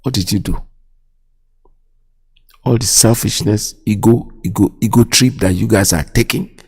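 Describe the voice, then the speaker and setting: His voice is on the low side, unhurried, a little mellow and husky. A Nigerian radio host, he gives fiery political commentary, indignantly repeating himself and posing rhetorical questions one after another. The recording has a long hall reverb.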